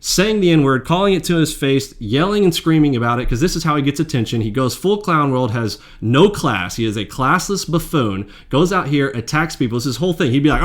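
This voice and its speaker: A man hosting a trading channel, delivering a heated, indignant commentary rant that swings from loud mockery to low muttering. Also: lively intonation, a little fast, hardly any pauses. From Mexican heritage.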